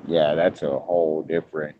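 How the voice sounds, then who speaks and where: A man hosting a casual wrestling podcast, talking in halting bursts with frequent restarts. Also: very deep voice, flat delivery, a little hiss or hum. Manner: halting, restarts often, hedges before points. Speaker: podcast host. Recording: muffled lo-fi podcast audio.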